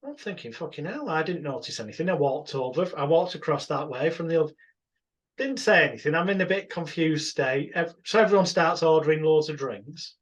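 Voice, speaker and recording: A man's voice: a little high, a little fast. A man, a hypnosis instructor casually telling a rambling anecdote. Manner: rambling, self-interrupting storyteller.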